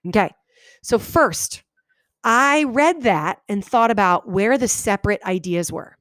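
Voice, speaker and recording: A woman teacher talks her students through a video lesson in an animated way, with a voice of middling pitch. She reads example sentences aloud with big, exaggerated pauses. The sound is dry and close, with no room echo. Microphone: webcam microphone.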